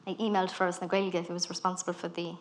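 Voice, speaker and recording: A woman about thirty with an Irish accent, a guest speaker in a live onstage conversation, telling animated stories and acting out quoted lines. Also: lowish voice, rapid-fire. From Ireland. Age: 30s. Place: festival talk stage.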